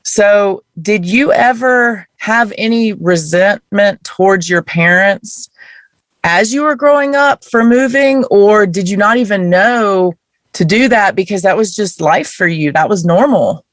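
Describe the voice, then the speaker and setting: A woman's voice: mid-range voice, expressive, measured pace, no echo. A woman from the American South hosting a podcast, asking curious, considered questions. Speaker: podcast host. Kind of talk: interview conversation.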